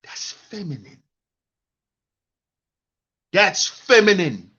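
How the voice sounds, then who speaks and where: Man, preachy commentary host, bright edgy tone, dull lo-fi mic. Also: sits high, expressive, very slow, slightly rough. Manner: preachy, mocks others in a whiny voice. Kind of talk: heated monologue reading live chat.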